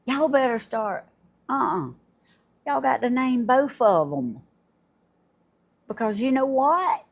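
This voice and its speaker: An older woman, hosting a casual livestream and chatting warmly and effusively with her viewers, laughing often. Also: high voice, lively intonation, slow, vocal fry. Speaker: livestream host. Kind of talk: casual live chat unboxing gifts.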